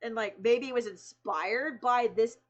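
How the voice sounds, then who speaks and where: A woman streaming live tells a long story in a loose, rambling way, full of "like" and "you know". Her voice sits a bit high, and the stream audio sounds dull and lo-fi. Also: measured pace. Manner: animated, rambling, many fillers. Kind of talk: casual storytelling.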